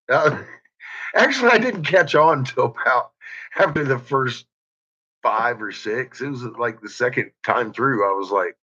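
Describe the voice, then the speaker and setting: A man's voice: mid-range voice, animated, measured pace, pushed and bright. A man in casual chat who keeps breaking into laughter, with a crude, profane manner. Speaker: podcast host. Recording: dull lo-fi recording.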